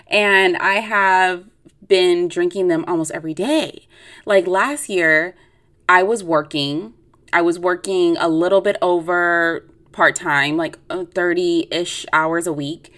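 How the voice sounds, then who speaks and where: A woman's voice: fairly low pitch, fairly even intonation, takes it slowly, fairly bright tone. A woman in her late twenties hosting a podcast, telling a personal story in a chatty, confessional way with lots of fillers. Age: late 20s. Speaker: podcast host. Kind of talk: casual personal chat.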